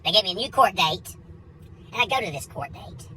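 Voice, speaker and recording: A comedian telling a crude, animated story and acting out the other people in it. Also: female voice, medium pitch, a little fast, slight background noise, low-quality recording.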